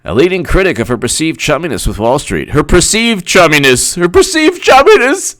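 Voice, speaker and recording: A man's voice: on the high side, very animated, brisk, fairly bright tone, no room sound. A man who works as a political commentator, reading an article aloud and mocking it with sarcastic asides.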